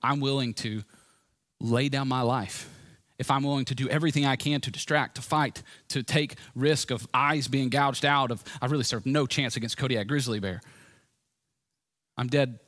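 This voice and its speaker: A man's voice: medium pitch, a bit bright, no echo, studio quality. A man preaching a sermon in an earnest, conversational way, telling vivid stories. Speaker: pastor.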